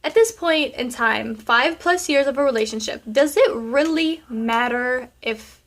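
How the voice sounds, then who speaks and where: A sassy young woman vlogger talks straight to her viewers in casual chat, working through their questions one by one. Her slightly high, somewhat bright voice comes a little slowly, in loose, chatty bursts padded with "um" and "like."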